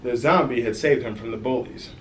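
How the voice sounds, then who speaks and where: A man's voice: mid-range voice, a little fast, a little hiss or hum. Man reading a kids' story in an echoey room. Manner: lively storytelling with asides to kids. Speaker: author reading his own book. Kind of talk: reading a children's story aloud.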